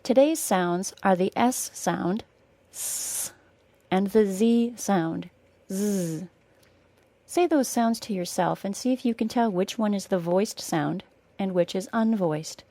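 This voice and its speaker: Slowing to demonstrate every sound carefully, a young northern Wisconsin woman with a General American accent teaches pronunciation on her podcast. She has a mellow, medium-pitched voice in a dry recording.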